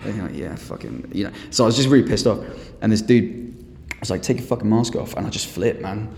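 An English man with a lowish voice chats as a podcast guest, spinning animated stories, swearing freely and mimicking the people in them. The room is echoey with a long reverb tail. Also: a little fast, vocal fry. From England. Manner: animated storyteller, swears freely, acts out quotes. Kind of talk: casual chat.

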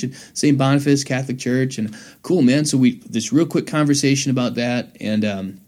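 A man's voice: medium pitch, moderate pace, few pauses, a little mellow. A man, a pastor, casually telling a story on a talk show and laughing often as he goes.

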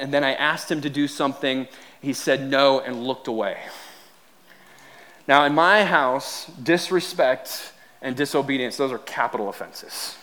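A man in his thirties preaching a sermon as a pastor, telling a family story with lively acted-out dialogue and frequent restarts. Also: medium pitch.

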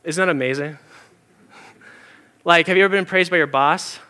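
A man preaching a sermon in a casual, earnest way, full of "like" fillers, slowing down and going soft to stress a point. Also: fairly high pitch. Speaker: pastor.

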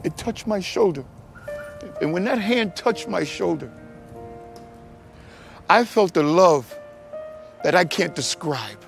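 High-voiced man telling a church testimony. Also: takes it slowly, gravelly, pauses often, faint music behind. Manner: animated storytelling, acting out voices with big swings in pitch and loudness. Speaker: testimony speaker.

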